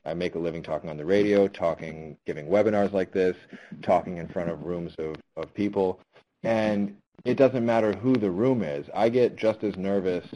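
A male linguistics researcher gives a conversational webinar talk on public speaking, explaining with frequent ums and restarts. His voice is low and mellow, and the poor audio carries a little hiss or hum.

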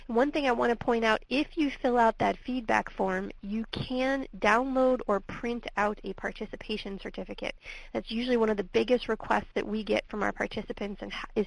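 A woman with a gravelly, creaky edge wraps up a webinar as its organizer. She goes through the reminders step by step in a friendly, methodical way, with a few ums along the way. Her voice is dry and close to the microphone. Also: mid-range voice, no echo, rough recording. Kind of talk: closing webinar announcements.

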